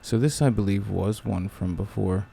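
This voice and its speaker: Deep, gravelly man chatting casually. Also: normal speed, mellow, a little hiss or hum. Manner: rambling, with many fillers and restarts. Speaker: podcast co-host. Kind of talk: casual chat.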